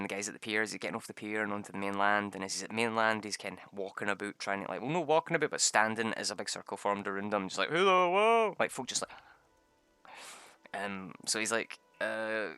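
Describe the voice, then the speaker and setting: A man's voice: lowish voice, pushed and bright, dry recording. A young man, rambling through tabletop game stories, swearing and laughing often. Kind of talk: casual chat.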